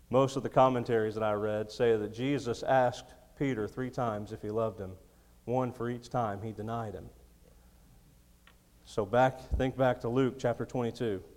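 A man in his thirties preaching a sermon with a storyteller's touch, chuckling often between lines. He drops to near-quiet, then builds to loud, emphatic peaks. His mid-range voice rings out into a long hall reverb. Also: mid-range voice, fairly even intonation, a little slow.

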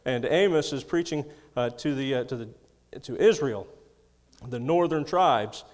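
A man's voice: mid-range voice, unhurried, a little mellow, big-room sound. A man preaching a sermon, reading scripture and adding folksy, chuckling asides. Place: church.

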